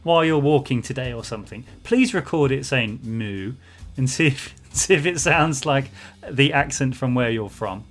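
A man's voice: medium pitch, lively intonation, normal speed, soft background music. A man co-hosting a podcast, chatting casually and reading out listener messages in an upbeat way. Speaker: podcast co-host.

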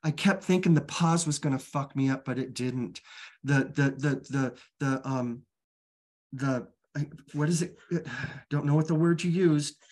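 Speaking as a guest, a man candidly shares his personal recovery story, earnest and open, often halting and starting over. His voice is mid-range with a darkish tone.

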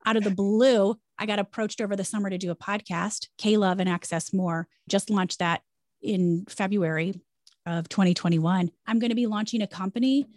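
Woman, middle-aged, energetic, emphatic, conversational, dry recording. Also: medium pitch, moderate pace, no room sound. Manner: energetic, emphatic, preachy storytelling. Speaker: podcast guest, former broadcaster. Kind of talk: conversational faith-based interview.

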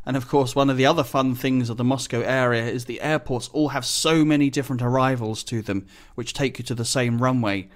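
Chatty pilot explaining procedures. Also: male voice, medium pitch, fairly quick. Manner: chatty, relaxed, explains technical terms plainly. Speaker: business jet pilot. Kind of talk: casual explanatory monologue.

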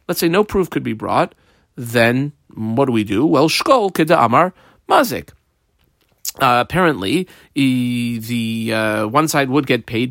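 Lively man teaching Talmud, dry close sound. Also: medium pitch, creaky, no echo. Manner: explains text step by step, translating phrases, with many fillers. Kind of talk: daily Talmud study lesson.

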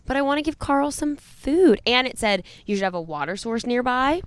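Chatty woman in her thirties, crisp voice. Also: high-pitched, normal speed. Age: 30s. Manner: chatty, animated storytelling. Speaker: podcast co-host. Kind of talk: casual chat.

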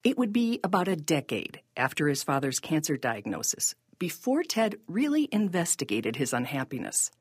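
Woman, podcast narrator, scripted, husky, dry close sound. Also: deep voice, very animated, no room sound. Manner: measured, reflective storytelling.

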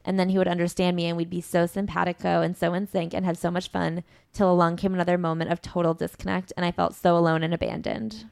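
Woman co-host, lowish gravelly voice, casual book chat, dry close sound. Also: little pitch movement, fast, hardly any pauses, darkish tone, no room sound. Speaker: podcast co-host.

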